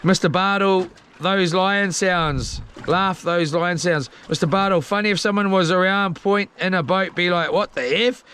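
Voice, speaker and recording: A young man with a New Zealand accent talks on a live stream from a small boat at sea. He reads out viewer comments in a slangy, rambling way, in a high voice that takes its time. A faint hiss sits behind him. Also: fairly even intonation, measured pace, hardly any pauses, bright, forceful tone. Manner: laid-back, slangy, rambling with fillers. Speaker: livestreamer.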